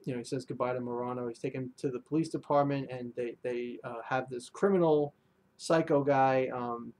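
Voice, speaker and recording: Young guy recapping an anime episode, rambly, says um and you know a lot, average pitch. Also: steady tone, normal speed, darkish tone. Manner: rambling, many fillers and restarts. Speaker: anime reviewer. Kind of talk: casual episode review.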